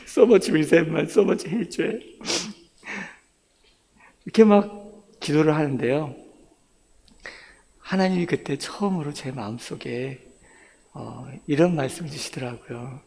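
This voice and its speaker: A man's voice: a little high, animated, racing, vocal fry, long pauses, warm tone, slight background noise. A middle-aged man with a pastor's role, telling his own story in a sermon that switches between English and Korean, laughing now and then as he tells it. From grew up in Brooklyn, New York. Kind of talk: bilingual sermon testimony. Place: church sanctuary. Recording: long church reverb.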